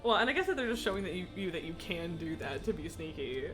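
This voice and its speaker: A woman's voice: lowish voice, big pitch swings, fast talker, fairly bright tone, faint music behind. Chatty, laughing young woman streamer. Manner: chatty, swears a lot, laughs often. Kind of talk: casual live gaming commentary.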